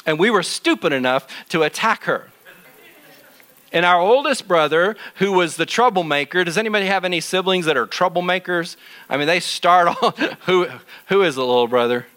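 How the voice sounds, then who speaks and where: Animated, bright-voiced man telling Bible stories. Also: sits high, moderate pace. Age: middle-aged. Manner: animated, jokey, chatty. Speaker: church teacher. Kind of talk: Bible storytelling to children.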